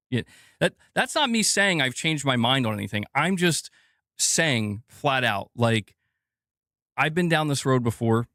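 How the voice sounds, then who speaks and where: A man's voice: mid-range voice, expressive, unhurried, pauses often, pushed and bright, no room sound, studio quality. A man hosting a live gaming news stream, ranting casually and swearing as he talks to his chat.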